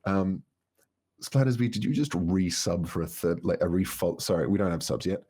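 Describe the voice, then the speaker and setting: Deep, husky man co-hosting a stream. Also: moderate pace, dark tone. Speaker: livestream co-host. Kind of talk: casual livestream chat.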